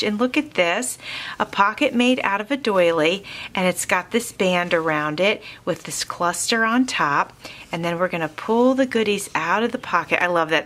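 A woman's voice: mid-range voice, sharp tone. A woman craft vlogger opening mailed crafts on camera, gushing with enthusiastic exclamations and reading the notes aloud. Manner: reads card messages aloud. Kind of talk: casual unboxing chat to camera.

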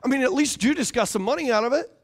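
A male pastor with a high, light voice delivers a sermon. He preaches in a casual, animated way and keeps repeating key phrases for emphasis. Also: fast.

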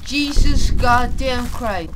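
A woman's voice: a little high, slow. A woman playing a horror game and commenting, panicking, swearing and yelping in fright. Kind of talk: let's play commentary. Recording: loud background noise.

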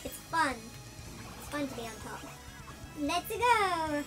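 An Australian woman host giving chatty, excitable let's-play commentary, her voice sped up to a chipmunk pitch. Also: normal speed, over music. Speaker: gaming channel host.

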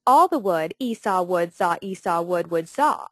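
Woman crisply reading tongue twisters. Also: fairly low pitch, animated, no room sound. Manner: crisp, deliberate enunciation.

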